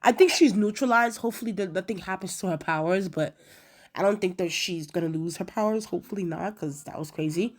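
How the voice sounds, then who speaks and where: A woman in a casual episode review, chatty and animated, acting out quotes with lots of fillers. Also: mid-range voice, a little fast. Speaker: video reviewer.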